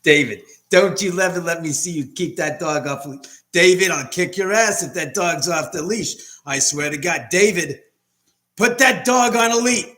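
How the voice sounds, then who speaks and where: A man putting on the voice of a brash, gruff older male TV showman who is loud and bossy. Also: mid-range voice, normal speed, hardly any pauses, lightly acted. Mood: scolding.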